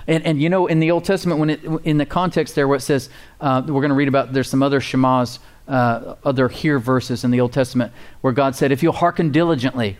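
A man preaching a sermon to a congregation in church, emphatic and casual, repeating key words and asking for amens. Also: medium pitch. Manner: casual preacher's talk with fillers and folksy asides. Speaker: pastor. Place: church before a responding congregation.

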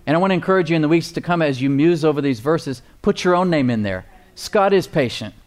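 A man preaching a sermon, slowing down to stress key phrases and calling for responses from the congregation. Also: fairly high pitch. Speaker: pastor.

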